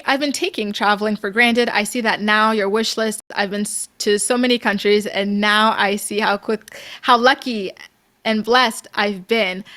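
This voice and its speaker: A woman's voice: medium pitch, a bit bright. A young woman from Canada hosting a casual livestream, chatting upbeat with viewers and peppering her talk with "like" and "girl". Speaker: livestream host. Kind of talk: casual chat reading viewer comments.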